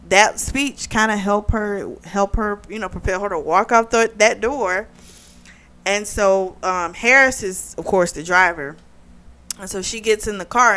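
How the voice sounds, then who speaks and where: A woman's voice: mid-range voice, unhurried, sharp tone. A woman hosting a casual book review, retelling the plot in a chatty way with lots of "like" and "you know.".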